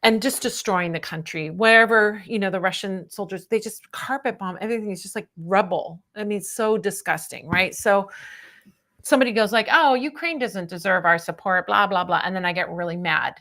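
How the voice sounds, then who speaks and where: A middle-aged woman giving a casual tarot reading on a livestream, chatty and animated, often adding "right?" and laughing. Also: mid-range voice, a little fast. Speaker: tarot reader.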